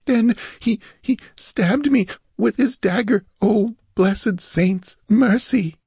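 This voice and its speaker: A man's voice: sits high, takes it slowly, a little mellow, slightly rough, no echo, clean studio sound, pitched above the performer's own voice, full character voice. A man voicing a dying young village girl who speaks in frightened gasps. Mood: gasping, terrified. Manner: gasping, breathless pleading.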